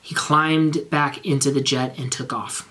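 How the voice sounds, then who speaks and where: A man reading bad fan fiction aloud in a measured, straight-faced narration. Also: on the high side, flat delivery, sharp tone.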